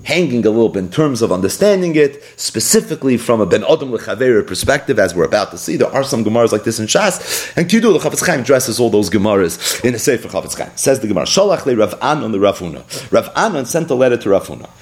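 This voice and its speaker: A man's voice: medium pitch, very animated, fast talker. A man teaching a daily Talmud lesson. He reads the Aramaic text line by line, explains it in English, and acts out the rabbis' exchanges expressively.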